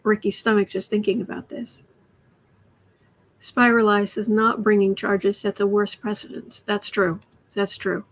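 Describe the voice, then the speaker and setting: A woman hosting a casual tarot livestream from home, chatty, often dropping to soft whispers. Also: mid-range voice, slightly rough. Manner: chatty, soothing her cat in soft whispers between remarks. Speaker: astrology and tarot livestream host. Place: home room.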